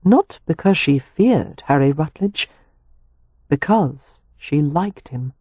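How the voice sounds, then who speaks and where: A woman narrating an audiobook in a measured storytelling manner, recorded on a close mic. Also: low-pitched, expressive, dark tone, slightly rough, no room sound. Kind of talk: scripted narration.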